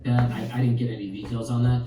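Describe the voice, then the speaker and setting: Dark-voiced man telling stories, echoey and distant. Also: mid-range voice, fast talker, slight background noise. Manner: animated storytelling, acts out quotes. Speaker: podcast guest. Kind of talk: podcast conversation.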